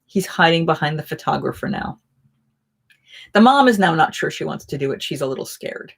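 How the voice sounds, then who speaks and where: A woman hosting a casual live chat, telling rambling, animated anecdotes. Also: deep voice, brisk, creaky, husky.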